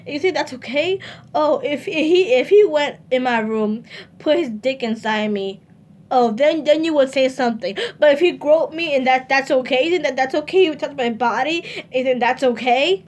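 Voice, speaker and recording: A woman's voice: high-pitched, normal speed. A woman vlogger telling a personal story to her viewers, earnest and close to tears, repeating herself as she speaks straight to them.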